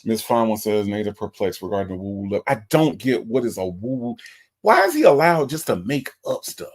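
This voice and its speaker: A man's voice: fairly low pitch, big pitch swings, a little fast. A man hosting a live stream, reviewing a recorded call and talking to his chat in an incredulous, repetitive way. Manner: exasperated, incredulous, repeats questions to the chat.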